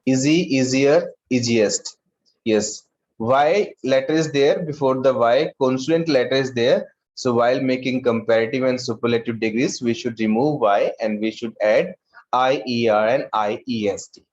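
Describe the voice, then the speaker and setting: A male school teacher with an Indian English accent who talks slowly, repeats words and calls on students by name. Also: medium pitch, darkish tone, lo-fi sound, slight background noise. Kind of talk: online class lesson.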